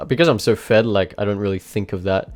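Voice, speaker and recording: A young man making gaming videos gives rambling, casual commentary on his play, swearing often and restarting sentences. He talks fast in a fairly low voice, with faint music in the background.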